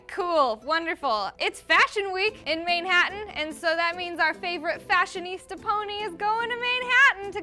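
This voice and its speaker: A woman's voice: sits high, bright, forceful tone. Sarcastic woman hosting a comedic recap. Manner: sarcastic, swears casually. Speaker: show host.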